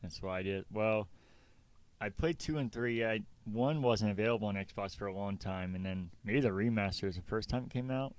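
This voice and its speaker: Smooth low-voiced podcast co-host. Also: male voice, normal speed. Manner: relaxed, rambling opinions with fillers. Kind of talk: casual gaming podcast chat.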